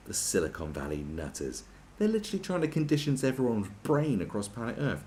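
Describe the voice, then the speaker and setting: A man's voice: medium pitch, dark tone. A man ranting sarcastically as a podcast host, swearing often and sounding exasperated. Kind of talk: ranting commentary.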